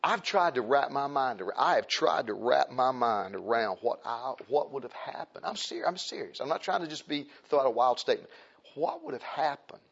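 A man's voice: expressive, moderate pace, creaky, husky. Emphatic man preaching, dull lo-fi sound. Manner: emphatic, repeats phrases, swings from loud high emphasis to quiet low asides. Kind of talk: conversational sermon. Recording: dull lo-fi recording.

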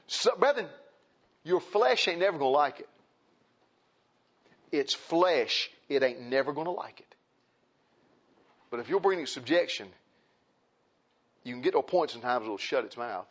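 A man preaching a sermon in a folksy, impassioned way. He repeats phrases and swings between loud and soft. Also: medium pitch, lively intonation, moderate pace, long pauses, highs cut off.

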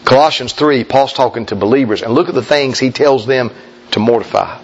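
A man preaching a sermon, folksy and emphatic, with sudden shouts and slow drawn-out lines. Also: medium pitch, lo-fi sound, a little hiss or hum.

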